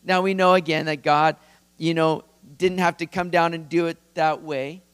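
A man's voice: on the high side, fairly even intonation, normal speed, a bit bright, clean tone. A male pastor giving an expository sermon in a conversational, earnest, emphatic way.

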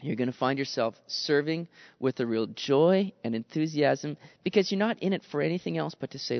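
This pastor's voice is fairly high and gravelly, and he talks a little fast through an expository sermon. He animatedly mimics the grumbling of the people he discusses and calls his audience guys, all in a dry, dull recording with a long reverb tail.

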